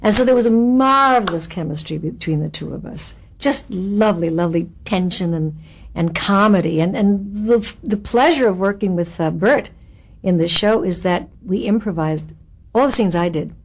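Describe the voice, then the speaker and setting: An expressive woman being interviewed, recounting her acting stories with lively energy. She slips into the voices of the people she quotes, and her voice sits at a mid pitch. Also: normal speed. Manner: animated, expressive storyteller who acts out quotes. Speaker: actress interviewee.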